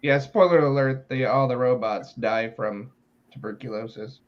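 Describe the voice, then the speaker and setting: A man's voice: mid-range voice, normal speed, lo-fi sound. A man on a podcast tossing out dry sarcastic quips in casual chat. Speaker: podcast co-host.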